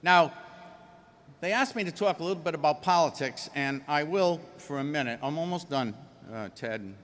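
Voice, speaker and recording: Rhode island guy giving a union convention speech, kinda high voice, big hall echo, folksy and punchy. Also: lively intonation, normal speed, fairly bright tone, a little hiss or hum. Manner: folksy, emphatic, jokes with the audience. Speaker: union leader addressing a convention.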